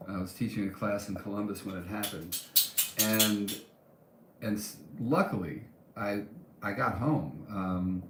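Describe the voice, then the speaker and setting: A man's voice: lowish voice, roomy sound, a little hiss or hum. Rambling man chatting on a live stream. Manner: rambling, with many ums and restarts. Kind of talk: casual live-stream chat, reading comments.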